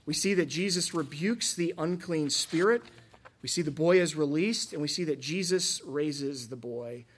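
A man delivers a sermon in an earnest, conversational way. His voice sits a little high for a man. He tosses in asides and rhetorical questions as he speaks to the congregation. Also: moderate pace, husky. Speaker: pastor.

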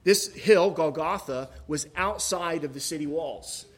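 A man preaching a sermon in a church, reading scripture and then talking in a relaxed, conversational way with joking asides and a few fillers. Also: fairly high pitch, measured pace. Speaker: pastor.

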